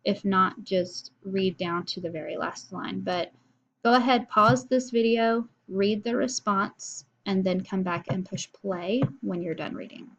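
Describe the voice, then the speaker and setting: A woman's voice: mid-range voice, measured pace, dull audio. A woman teacher recording a video lesson, explaining in a casual way with frequent fillers.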